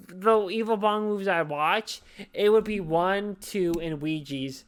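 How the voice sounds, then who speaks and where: A drunk woman rambles through a casual podcast chat, swearing freely and apologizing again and again. Her voice is smooth and clear at an ordinary middle pitch. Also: measured pace. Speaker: podcast host.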